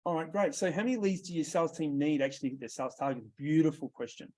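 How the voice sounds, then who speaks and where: A man's voice: a little high, racing, darkish tone. A man with an Australian accent coaching a sales workshop, direct and quizzing his group as he goes. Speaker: sales trainer.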